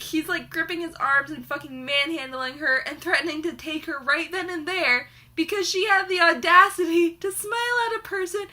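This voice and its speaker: A woman's voice: high voice, pushed and bright. A young woman reviewing a book in a heated, sarcastic rant, swearing constantly.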